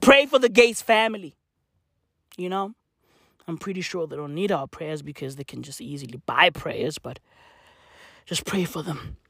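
A man's voice: fairly high pitch, moderate pace, creaky, a bit bright, no room sound, clean studio sound. A man delivering a satirical rant to camera, slangy and profane, with mock-serious rhetorical questions. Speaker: comedic commentator.

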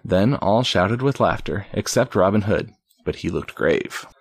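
A man's voice: lowish voice, lively intonation, unhurried, creaky, slightly rough, dry recording. A man casually reading a storybook aloud, stumbling now and then and adding wry asides. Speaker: reader.

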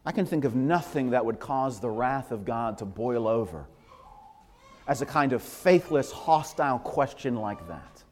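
With a medium pitch, lively intonation, and measured pace, a man delivers a passionate sermon as pastor inside a church sanctuary. Repeated phrases drive each point home, and long hall reverb fills the recording.

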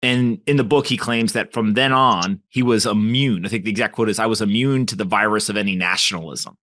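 A man's voice: fairly low pitch, brisk, bright, forceful tone, no echo, clean studio sound. A man hosting an interview podcast, asking questions casually and retelling anecdotes with fillers. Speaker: podcast host. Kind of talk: interview host.

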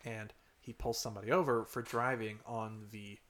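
A man's voice: fairly low pitch, fairly even intonation, moderate pace, fairly bright tone. A young man co-hosting a podcast in casual chat, telling stories with a dry, wry manner. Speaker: podcast co-host.

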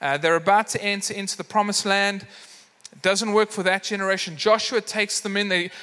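Bright-voiced pastor. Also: male voice, sits high, steady tone, fairly quick, clear, resonant tone. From South Africa. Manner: storytelling, acts out voices in the story, frequent fillers. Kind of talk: sermon. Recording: long hall reverb.

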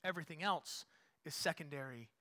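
A man leads his congregation through a sermon as pastor. His voice sits a touch high and rings bright and forceful. He drives repeated phrases to loud emphatic peaks, then sinks into low, hushed asides. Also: fairly quick. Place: church.

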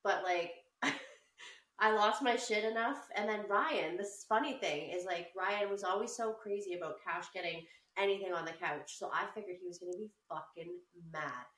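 A woman telling a story in a casual chat, animated, swearing often and laughing as she talks. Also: mid-range voice, normal speed. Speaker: podcast co-host. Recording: roomy, a bit distant from the mic.

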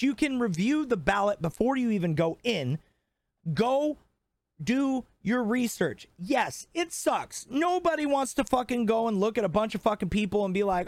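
Fired-up young man ranting, high voice. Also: no room sound. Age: 20s. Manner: profane, fired up, emphatic. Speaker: podcast co-host. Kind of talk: heated casual rant.

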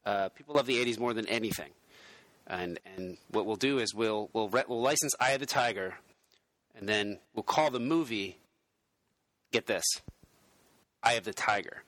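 A man riffing through an improvised comedy pitch, excitable and swearing freely as he spins out ideas. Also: moderate pace, pauses often, no room sound.

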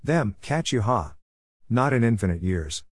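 A man's voice: on the low side, big pitch swings, measured pace, husky, no echo, studio quality, exaggerated voice. A man voicing an anxious young male pet who leads his friends, speaking earnestly in a slightly raised voice.

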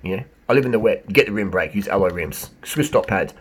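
Husky ranting man. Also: on the low side, a little fast. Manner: animated, sarcastic ranting. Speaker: bike shop owner and video host. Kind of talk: reaction commentary.

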